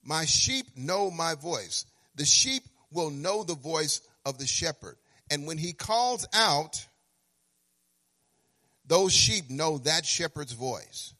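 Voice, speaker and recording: High, bright-voiced animated preacher man. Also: takes it slowly. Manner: animated, acts out dialogues with God, sing-song emphasis; stammering restarts, swings from quiet to loud. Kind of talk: sermon.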